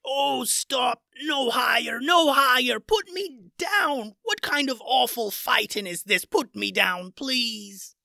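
A storyteller voicing a cowardly male pirate captain who yells and begs in a storybook. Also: wildly swooping pitch, normal speed, gravelly, few pauses, slightly rough, dry recording, clean studio sound, full character voice. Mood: panicked, begging. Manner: shrill pleading yells. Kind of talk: storybook character voice.

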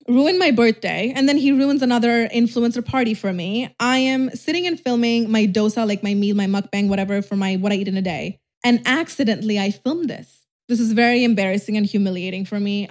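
A woman's voice: mid-range voice, steady tone, brisk, a little mellow. A young woman telling a personal story on her vlog in a candid, rambling way, saying "like" often, restarting sentences and swearing casually. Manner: candid, rambling, heavy use of "like", frequent restarts. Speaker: YouTuber.

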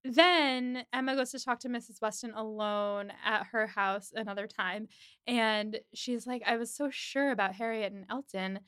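A woman's voice: a little high, fairly even intonation, moderate pace, fairly bright tone, clear, resonant tone, dry recording, clean studio sound. A woman hosting a casual podcast chat, animatedly retelling a TV episode and acting out the characters' lines. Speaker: podcast host.

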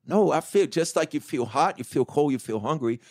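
Middle-aged new guy in an interview, voice sits a bit high, swears a lot, acts out the quotes. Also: expressive, fairly quick, a little mellow. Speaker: guest. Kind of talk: candid interview storytelling.

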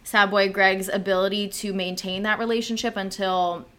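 A young woman co-hosting a podcast, talking gossip in an animated, skeptical way and swearing casually. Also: mid-range voice, moderate pace, clear, resonant tone. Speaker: podcast co-host.

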